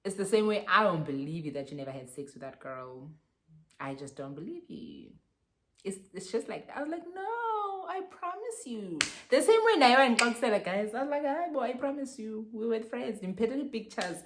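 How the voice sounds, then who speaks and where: A young South African woman with a South African accent, telling a casual story in a lively, animated way and laughing often. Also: mid-range voice, brisk, slight background noise. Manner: animated, mixes English and Xhosa slang, laughs often. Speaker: vlogger.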